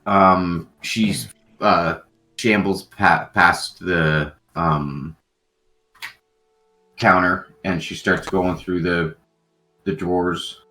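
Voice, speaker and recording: Deep-voiced man running a tabletop game. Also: fairly even intonation, very slow, pauses often, bright, forceful tone. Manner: rambling, with frequent ums and uhs. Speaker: game master.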